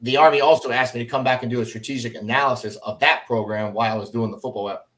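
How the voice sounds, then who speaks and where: A man's voice: mid-range voice, quick pace. A middle-aged man, a former Army officer, telling stories in a casual podcast interview and acting out the people he quotes. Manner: animated storyteller, acts out quoted voices.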